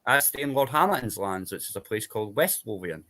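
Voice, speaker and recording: A man's voice: lowish voice, lively intonation, a little fast, sharp tone. A Scottish man in casual chat, rambling through long explanations and checking in with tag questions. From Scotland. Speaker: panel guest.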